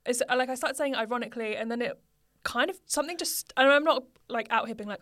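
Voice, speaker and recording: A woman's voice: fairly high pitch, quick pace. A woman guest on a podcast, chatting casually and acting out imagined dialogue as she tells stories, swearing freely. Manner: animated storyteller, acts out imagined dialogue, swears. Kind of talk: casual chat.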